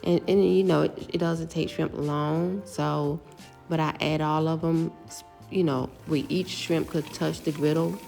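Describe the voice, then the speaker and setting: A middle-aged woman casually talking through her home cooking step by step, relaxed and chatty. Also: low voice, measured pace, creaky, faint music behind. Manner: relaxed, step-by-step explaining with fillers.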